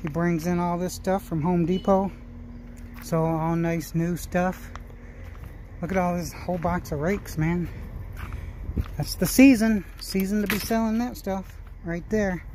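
Guy with a highish voice rambling on camera at an outdoor auction, faint traffic behind. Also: steady tone, unhurried, a little mellow. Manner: chatty, musing aloud, playful asides. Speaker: small-engine flipping channel host. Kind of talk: casual walkaround commentary. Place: outdoor equipment auction yard.

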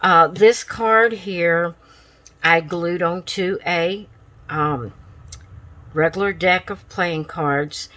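A woman hosting a casual craft vlog, tired and chatting in an unhurried, rambling way. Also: fairly low pitch, sharp tone. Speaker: craft channel host.

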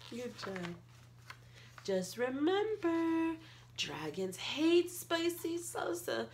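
A woman reading a picture book aloud to a child, playful, with gasps and excited outbursts. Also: sits high, drawn-out words, a little hiss or hum. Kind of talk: animated read-aloud storytelling.

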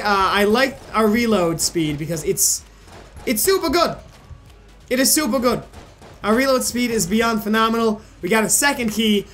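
A man's voice: sits high, fairly bright tone. A young man hosting a gaming channel, rambling and joking with plenty of swearing as he comments on his play. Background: faint game music.

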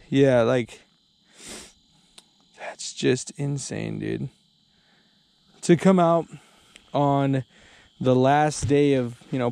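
Excitable young man fishing on ice. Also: on the high side, gravelly. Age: 20s. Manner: excitable, says "dude" constantly. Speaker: fishing vlogger. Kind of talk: excited outdoor vlog commentary. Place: outdoors on a frozen lake.

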